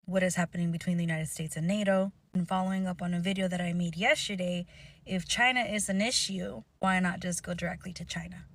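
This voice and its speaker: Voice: mid-range voice, steady tone, fairly quick, fairly bright tone, far from the mic. A video creator musing aloud with rhetorical questions in a casual commentary.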